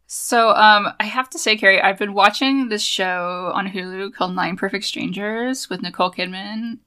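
A woman co-hosting a chatty podcast, her voice bright and forward. She talks in quick bursts of animated chat, laughs often, and circles back to finish her thoughts. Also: medium pitch, clear, resonant tone. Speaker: podcast co-host. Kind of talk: casual chat.

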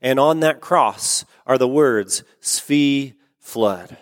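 A man's voice: mid-range voice, very slow. A man preaching a sermon, telling a story earnestly and repeating words for emphasis. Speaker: pastor. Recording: long reverb of a large hall.

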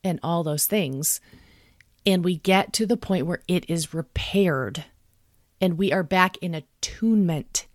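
A woman's voice: fairly low pitch, unhurried, no room sound. Earnest woman explaining parenting, dry close sound. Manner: earnest, explanatory, acts out what she would say to her son. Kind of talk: conversational podcast talk.

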